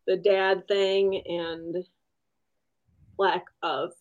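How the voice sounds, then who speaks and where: A young woman co-hosting a book podcast, chatty and laughing, with quick reactions. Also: fairly low pitch, little pitch movement, lo-fi sound. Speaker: podcast co-host. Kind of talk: casual chat.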